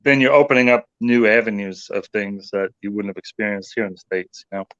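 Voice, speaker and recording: Animated male ghost-hunter guest, muffled. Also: fairly low pitch, brisk. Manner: animated anecdote teller, voices others in quotes. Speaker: guest, paranormal investigator. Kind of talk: casual chat, storytelling.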